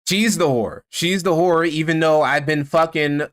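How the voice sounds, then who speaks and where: A man's voice: a little high, normal speed, a bit bright. A man streaming commentary, swearing freely, mocking his targets and thanking donors. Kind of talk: casual live-stream commentary.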